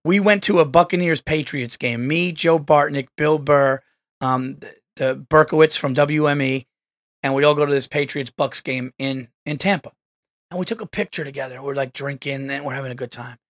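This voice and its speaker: A man hosting a podcast, telling stories in casual chat, animated and swearing freely as he acts out quotes. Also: mid-range voice, moderate pace, no echo, clean studio sound. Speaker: podcast host.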